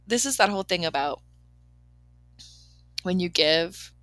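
A woman's voice: fairly low pitch, expressive, measured pace, fairly bright tone, no room sound, faint music behind. A woman hosting a podcast, talking through a personal story in an earnest, emotional way and laughing often. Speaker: podcast host. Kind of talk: reflective personal monologue.

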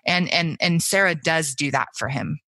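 A woman's voice: low-pitched, normal speed, bright, forceful tone, no room sound. A woman co-hosting a book podcast, giving thoughtful, analytical readings and building long arguments. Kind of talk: casual literary discussion.

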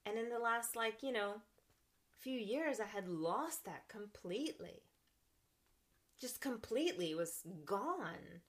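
A young woman talking in a casual podcast interview, animated, laughing often and acting out her own thoughts. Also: fairly high pitch, slow. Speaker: podcast guest, actress and clown.

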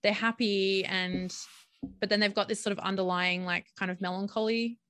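A young adult Australian woman co-hosts a relaxed podcast conversation. Her voice is bright and forward. It is recorded close and dry, and she rambles happily with plenty of "like" and "um". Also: medium pitch, normal speed, no echo. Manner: chatty, lots of "like" and "um". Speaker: podcast co-host. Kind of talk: casual chat.

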